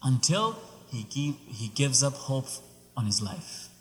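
A man preaching a sermon, telling a story with animated, rising exclamations. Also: medium pitch, takes it slowly. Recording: long reverb of a large hall.

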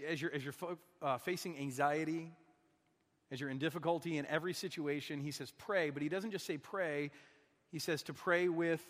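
A man with a high voice delivers a sermon, earnest and conversational, often turning to his listeners with questions. His words ring out with the long reverb of a large church hall. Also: fairly bright tone. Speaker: guest preacher.

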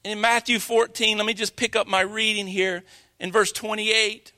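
A man preaching a sermon in a church, with slow, dramatic emphasis. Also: high voice, little pitch movement, bright, forceful tone. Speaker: pastor. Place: church sanctuary.

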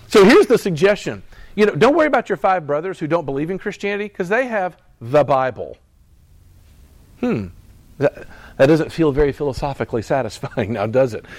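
A pastor with a fairly high-pitched voice preaches a sermon in a conversational style, acting out quoted voices and laughing as he goes. There is no room sound.

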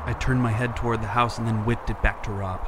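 An actor playing a tired, frightened young father who narrates a horror story in first person, tense and hushed. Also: fairly low pitch, little pitch movement, fast talker, very noisy, natural voice. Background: music.

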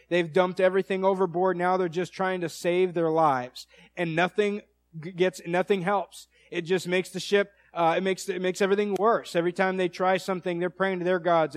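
A man preaching a sermon in a conversational, animated storytelling way, acting out quotes. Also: sits high, a little fast.

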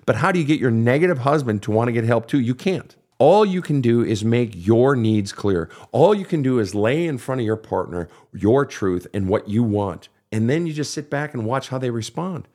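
A man's voice: mid-range voice, lively intonation, normal speed, hardly any pauses, darkish tone. A middle-aged man hosting a podcast, answering listener questions in a blunt, profane, emphatic way. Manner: quotes people in mocking voices. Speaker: podcast host and counselor. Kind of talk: casual advice monologue.

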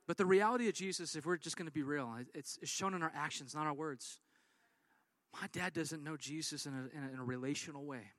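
A man preaching a sermon as pastor, telling stories in an animated way and acting out what people said. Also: a little high, fast talker, dry recording. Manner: animated storytelling with acted-out quotes.

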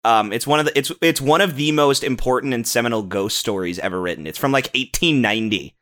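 A young man co-hosting a casual podcast, talking excitedly about a film, swearing often and restarting his sentences. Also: medium pitch, fast. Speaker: podcast co-host. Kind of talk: casual movie-review chat.

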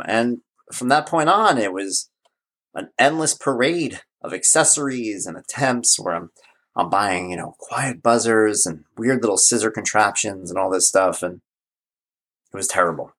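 A man's voice: on the low side, normal speed, fairly bright tone. A man in his forties, a parenting blogger, telling a story in a casual, wry and emphatic way, often repeating himself for emphasis. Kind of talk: casual vlog monologue.

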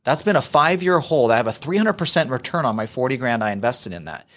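A man's voice: medium pitch, expressive, quick pace, a bit bright. A man co-hosting a podcast, speaking enthusiastically in a casual chat. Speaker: podcast co-host.

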